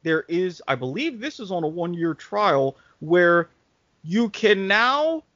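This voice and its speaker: A man co-hosting a casual sports podcast, explaining rules in a halting way with fillers, on dull, dry lo-fi audio. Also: high voice, big pitch swings, pushed and bright, dry recording. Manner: halting, thinks aloud with fillers. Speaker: co-host.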